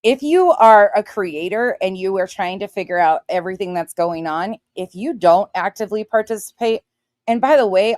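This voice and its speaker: Animated and mid-range, with a darkish tone at a moderate clip, this woman in her forties runs a casual stream and greets chatters by name. She's blunt and defiant and swears freely; the recording is studio quality with no room sound.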